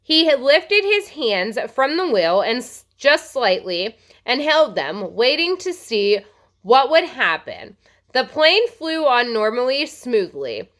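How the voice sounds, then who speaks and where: A woman teacher reads a novel aloud in an expressive storytelling manner. Her voice sits high and bright. Her pitch moves with a lot of life. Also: takes it slowly.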